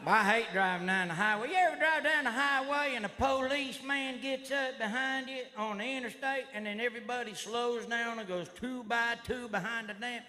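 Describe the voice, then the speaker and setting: A man doing a stand-up comedy routine, with a loud, rowdy redneck delivery full of catchphrases. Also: very high voice, moderate pace, hardly any pauses. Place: comedy stage before a live audience. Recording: live show with loud audience laughter and noise.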